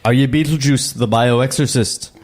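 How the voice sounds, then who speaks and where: A man doing a solemn ancient Hawaiian elder who speaks in a stiff, archaic, mock-formal way. He pleads gravely for help. It is a loose comedic table read. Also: mid-range voice, fairly even intonation, moderate pace, a little mellow, faint music behind, close to an everyday voice. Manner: mock-formal, old-fashioned speech.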